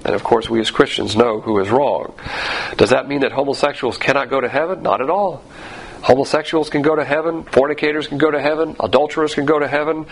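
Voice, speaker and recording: A man's voice: medium pitch, rough recording. A man preaching a sermon, emphatic, with rhetorical questions and frequent fillers. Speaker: pastor.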